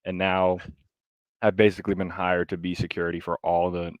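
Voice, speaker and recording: Male podcast co-host, animated storyteller, casual and profane, dry close mic. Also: sits low, a little fast, clear, resonant tone, dry recording. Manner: animated storytelling, acts out quotes, swears freely. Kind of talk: casual chat.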